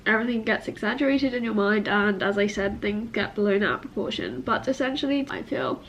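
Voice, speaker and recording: A woman's voice: mid-range voice, lively intonation, fairly quick. A young woman, a university student, venting tearfully in a personal vlog, sniffling and self-critical as she rambles. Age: young adult.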